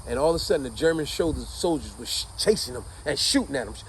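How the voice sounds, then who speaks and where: A man's voice: mid-range voice, expressive, fast, slight background noise, poor audio. A man casually and animatedly retelling a story to his listeners, speaking conversationally.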